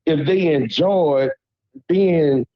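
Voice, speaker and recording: A man's voice: on the high side, drawn-out words. Heated Southern man on a lo-fi call. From Louisiana. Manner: heated, repeats "you hear me", blunt slang. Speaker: caller on a panel.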